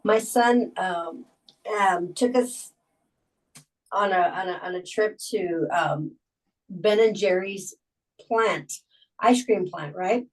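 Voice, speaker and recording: A middle-aged woman sharing a personal story on a video call, halting and full of fillers and restarts. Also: mid-range voice. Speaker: Bible study group member. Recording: voice sounding distant from the mic.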